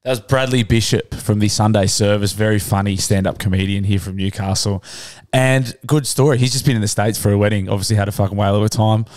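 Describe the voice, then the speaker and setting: A man's voice: lowish voice, fairly even intonation, quick pace, few pauses, a little mellow. A man with an Australian accent hosting a podcast in laid-back, sweary banter. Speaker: podcast host. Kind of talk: casual podcast chat.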